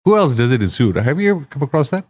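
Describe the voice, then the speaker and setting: A man's voice: mid-range voice, sing-song, racing, darkish tone, dry recording. A man hosting a podcast, chatting loosely and jokingly with slang. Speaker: podcast host. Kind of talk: casual interview chat.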